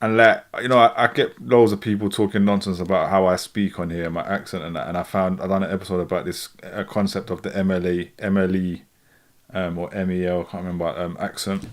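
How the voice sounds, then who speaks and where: A man's voice: low voice, brisk. Laid-back London man chatting live. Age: 30s. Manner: relaxed, rambling, keeps saying "do you know what I'm saying". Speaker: livestream host. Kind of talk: casual live reaction chat.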